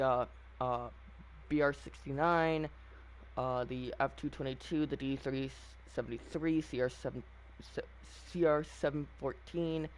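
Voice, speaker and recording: A man's voice: fairly high pitch, a little hiss or hum. A man giving casual, opinionated commentary on a video game, rambling with frequent fillers and restarts. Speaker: gaming channel host.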